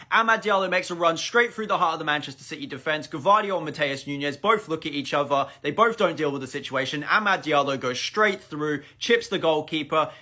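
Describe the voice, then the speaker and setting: Exasperated football fan, bright voice. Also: male voice, on the high side. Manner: exasperated, ranting about his team. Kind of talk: fan reaction rant.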